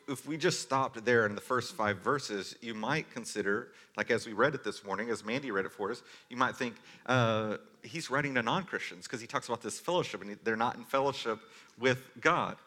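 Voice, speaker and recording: A male pastor delivers a sermon in earnest, storytelling fashion. His voice is bright and clear at a middling pitch, and he swings from forceful emphasis to quiet, intimate moments. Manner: earnest storytelling, varies loudness from forceful to hushed.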